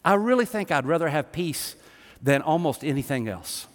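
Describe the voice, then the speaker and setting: A man's voice: a little high, animated, moderate pace. A man preaching a sermon to a congregation, talking in an emphatic, conversational way. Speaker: pastor. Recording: long hall reverb, live sermon.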